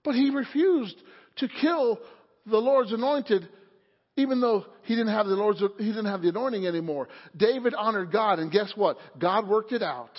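High-voiced husky male preacher. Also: normal speed. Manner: fervent preaching, calls for amen. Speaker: pastor. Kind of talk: sermon. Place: church sanctuary. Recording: echoey hall, dull lo-fi audio.

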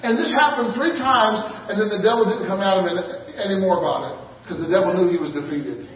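A man preaching a sermon, leading call and response with laughter and rising shouts. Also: sits high, fast, a little hiss or hum. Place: large church hall. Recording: echoey hall from far off, dull sound.

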